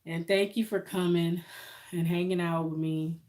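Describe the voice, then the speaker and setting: A woman's voice: lowish voice, fairly even intonation, normal speed, a little mellow. A woman, chatting on a live stream, emotional and thankful, laughing often. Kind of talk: casual live-stream chat with viewers.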